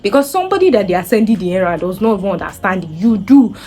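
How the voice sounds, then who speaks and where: Brief: young Nigerian woman, chatty vlogger, lively storytelling, faint music under her voice. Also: mid-range voice, fast, husky. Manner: animated, acts out quoted voices. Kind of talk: casual storytelling to camera.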